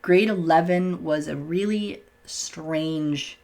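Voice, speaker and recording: A man's voice: on the high side, slow, creaky, a little mellow. A young man talks straight to the camera in a casual vlog. He is open but a little self-conscious. He often stumbles and restarts his words. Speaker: vlogger. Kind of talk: casual personal storytelling to camera.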